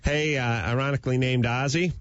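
A male radio host telling comic stories in an animated way, slipping into voices. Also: medium pitch, fairly quick, lo-fi sound, noisy background. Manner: animated storyteller who slips into voices. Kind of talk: comedic radio talk.

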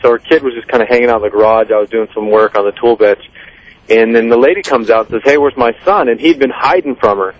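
A man's voice: mid-range voice, fast talker, no room sound, muffled recording. A man calling in to a radio show, casually telling an embarrassing story. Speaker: caller. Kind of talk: phoned-in anecdote.

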